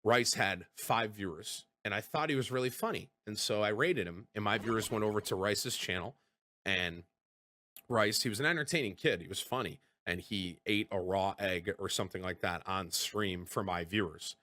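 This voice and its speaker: A man livestreaming, telling rambling stories to his chat in a casual, animated way and swearing freely. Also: fairly low pitch, moderate pace. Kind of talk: casual storytelling to stream chat.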